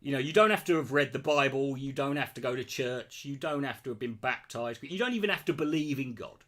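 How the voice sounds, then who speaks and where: A British man in his forties answers his chat with a blunt, sarcastic rant packed with swearing, his medium-pitched voice brisk and a bit bright.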